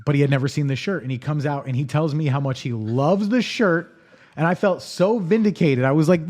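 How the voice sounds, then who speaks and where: A young man co-hosting a podcast, talking in a loose, rambling way after a few drinks and telling animated stories. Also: fairly high pitch, a little fast. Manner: tipsy, rambling, animated storytelling. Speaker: podcast co-host. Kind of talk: casual chat.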